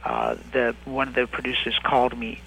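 A thirties-aged actor and writer talks reflectively in an interview, his thoughts coming out in many restarts and hedges. His voice is medium-pitched yet swings widely, gravelly, bright and forceful at a moderate pace, and the audio is poor with a little background noise.

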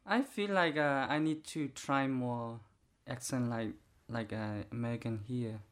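A speaker gives an interview in a middle-pitched, ordinary voice. The talk is halting and full of restarts and repeated words. The tone stays plain and conversational throughout. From Burma.

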